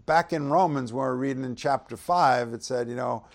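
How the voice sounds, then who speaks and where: Man, sermon preacher, mid-pitched voice, casual "you know" delivery, rises loud on verses. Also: normal speed, hardly any pauses. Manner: conversational preaching, frequent "you know", rhetorical questions; loud dramatic swells when reading verses. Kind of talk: sermon with scripture reading.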